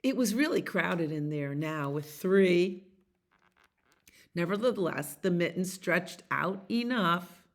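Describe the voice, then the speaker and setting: Slow gravelly bedtime storyteller woman. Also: lowish voice, expressive. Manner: slow, soothing read-aloud, asks listeners questions. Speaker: library storyteller.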